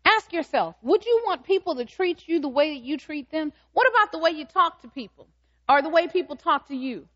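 High-voiced woman preaching with emphatic questions. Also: expressive, brisk, a bit bright. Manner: emphatic, asks the congregation repeated questions. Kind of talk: sermon. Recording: dull, slightly lo-fi sound.

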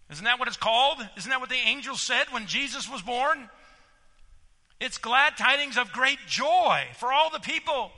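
A male pastor preaching a sermon in a church, exhorting his listeners and swinging between loud emphasis and hushed asides. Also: very high voice. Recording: long reverb of a church hall.

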